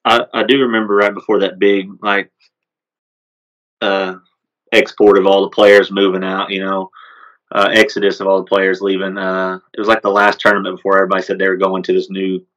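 Deep, flat-voiced man chatting sports. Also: a little fast, lo-fi sound. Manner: relaxed, rambling with many fillers. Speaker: podcast co-host. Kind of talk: casual sports chat.

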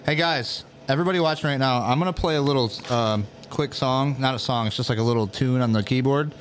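A man co-hosting a casual podcast from a garage, telling stories loudly and profanely, a little tipsy from drinks. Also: medium pitch, fast, slight background noise. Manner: loud, profane, animated storyteller. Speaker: podcast co-host. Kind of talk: casual chat.

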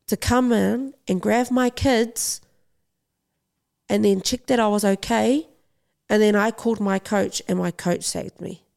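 Urgent, gravelly-voiced woman guest. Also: medium pitch, darkish tone. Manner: earnest, urgent, repeats phrases for emphasis. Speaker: interview guest, boxing champion. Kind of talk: podcast interview.

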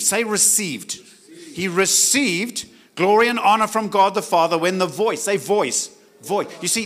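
A male preacher with a high, ringing voice and a bright, forceful edge. He preaches with emphasis and often pauses to get the congregation to say key words back to him. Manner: emphatic, asks the crowd to repeat words. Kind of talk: sermon.

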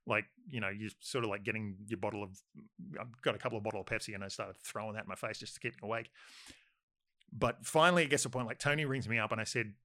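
Bright-voiced rambling Australian man. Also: lowish voice, fast, dry recording, clean studio sound. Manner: rambling, animated storytelling full of "like". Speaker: filmmaker telling a story. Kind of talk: casual chat anecdote.

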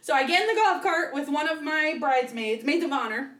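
A woman on a podcast telling a story in a casual, animated way, acting out what people said in little voices. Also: high-pitched, a little fast, far from the mic. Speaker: podcast co-host. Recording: roomy echo, voice a bit off-mic.

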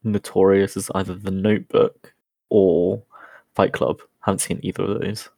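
A man's voice: sits low, flat delivery, normal speed, vocal fry, dark tone, no room sound. A man co-hosting a casual podcast, laughing and arguing back at his friends. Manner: defensive, laughing, mocking. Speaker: podcast co-host. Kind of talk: casual late-night podcast banter.

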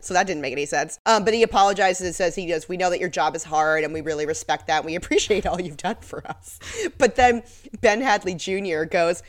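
A woman's voice: lowish voice, fairly quick. A woman co-hosting a podcast in casual chat, sarcastic and laughing often. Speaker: podcast co-host.

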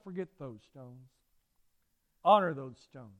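High-voiced pastor preaching. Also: male voice, normal speed. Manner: folksy, animated storytelling with repeated phrases. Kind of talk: sermon.

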